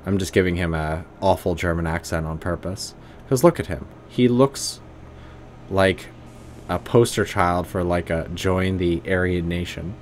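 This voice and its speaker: A man's voice: low-pitched, measured pace, a little hiss or hum. A man streaming a game, reading its text and adding sarcastic, casual remarks. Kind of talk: game let's play commentary and reading.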